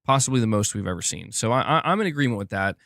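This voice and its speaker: A man's voice: lowish voice, lively intonation, very fast, gravelly, fairly bright tone, no echo. Rambling young man on a dry mic. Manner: rambling, many "like" fillers and restarts. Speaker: gaming news streamer. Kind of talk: casual live-stream chat reading viewer comments.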